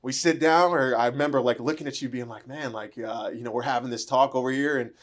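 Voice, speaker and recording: A man spins a story at a rapid clip, his voice sitting at an ordinary middle pitch. He laughs often as he acts out what people said. The tone is loose and conversational, like friends trading stories. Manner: animated, laughing, acts out dialogue.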